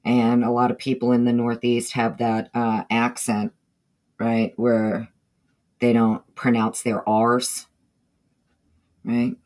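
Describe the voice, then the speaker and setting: A woman's voice: very deep voice, monotone, slow pace, pauses often, a little mellow. A woman from the northeastern United States with a Southern drawl, hosting a casual livestream and greeting viewers by name. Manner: chatty, greets chat members by name between thoughts. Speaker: livestream host.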